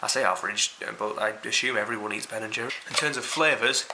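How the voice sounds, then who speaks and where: A man's voice: fairly low pitch, fast talker, background noise. A young man with a Yorkshire accent giving a casual, rambling and sweary food review to camera. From Yorkshire, England.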